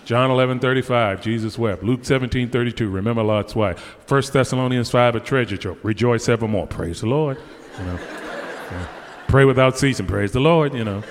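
A man preaching a fervent sermon, swinging between loud exclamations and quiet asides. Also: medium pitch, fairly quick. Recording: long hall reverb.

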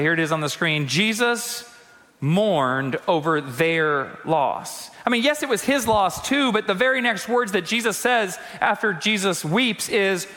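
A male pastor preaching a conversational sermon in a church, acting out quotes and slowing down for emphasis. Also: high-pitched, bright, forceful tone, big-room sound. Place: church sanctuary.

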